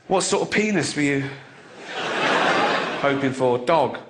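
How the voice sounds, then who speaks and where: A middle-aged male stand-up comedian performs a crude, mocking routine before a live audience, putting on silly voices. His voice is mid-range with lively intonation and a slightly slow pace. Loud crowd laughter fills the background of the recording.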